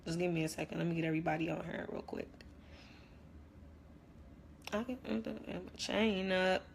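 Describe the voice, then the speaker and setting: A woman's voice: lowish voice, normal speed, vocal fry, a little hiss or hum. A young woman playing a dramatic ex-best friend who rambles through a slangy, repetitive rant on a phone livestream. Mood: subdued, hurt. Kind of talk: comedic social media live rant.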